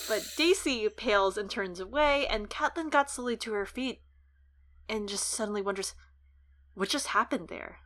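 A woman's voice: mid-range voice, lively intonation, moderate pace, a bit bright. A woman on a book podcast retelling a scene and acting out the characters' lines. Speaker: podcast co-host. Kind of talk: casual book discussion.

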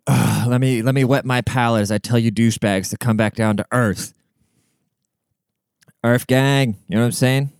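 A man's voice: mid-range voice, steady tone, moderate pace, clean tone, no room sound, clean studio sound. A young man hosting a solo podcast, ranting in a brash, profane, swaggering way. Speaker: podcast host.

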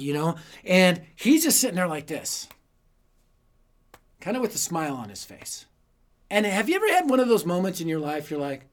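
Man, higher voice, youth preacher, funny self-deprecating storyteller, punchy timing. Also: big pitch swings, normal speed, fairly bright tone. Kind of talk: humorous storytelling sermon.

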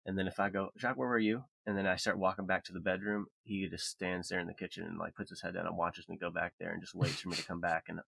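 A man co-hosting a casual conversation podcast, telling wry, joking anecdotes in a lively storytelling way. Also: sits low, fast, vocal fry, hardly any pauses. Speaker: podcast co-host.

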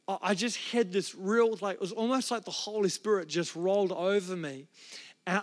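A man preaching a sermon as a pastor, telling a personal story in an earnest, emotional way with frequent restarts. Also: high voice. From New Zealand. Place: church.

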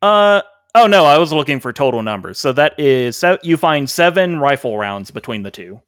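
A man narrating as game master, relaxed and rambling with many fillers. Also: on the high side, moderate pace, no echo, studio quality.

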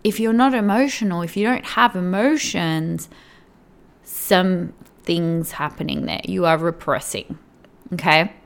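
A woman's voice: lowish voice, measured pace, gravelly. A woman coach giving earnest direct advice to the viewer, often checking in with "right?" and "okay?". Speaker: weight-loss coach.

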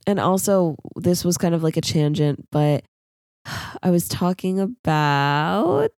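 A woman's voice: fairly low pitch, big pitch swings, slow pace, darkish tone, dry recording, studio quality. A young woman hosting a solo podcast, rambling casually and laughing at herself. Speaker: podcast host.

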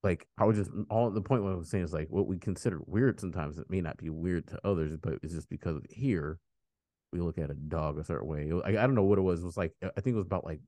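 A man's voice: low voice, quick pace, no room sound, studio quality. An American man hosting a podcast, chatting casually and rambling through stories with laughs. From United States. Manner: rambling, animated storytelling with laughs. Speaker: podcast host. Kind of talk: casual chat.

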